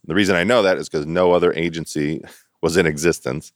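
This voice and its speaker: A middle-aged man telling stories as an interview guest in casual chat, animated and laughing often. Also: low-pitched, a little fast, no echo, clean studio sound. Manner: animated storyteller who acts out quotes and laughs often.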